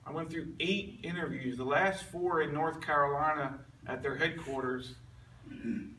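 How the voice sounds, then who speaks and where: A man with a bright, somewhat high voice tells his testimony to a men's group. He speaks earnestly and conversationally, heard from a distance in an echoey room. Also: measured pace, slight background noise. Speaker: man giving a personal testimony. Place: meeting room with a group listening. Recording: echoey room recorded from far off.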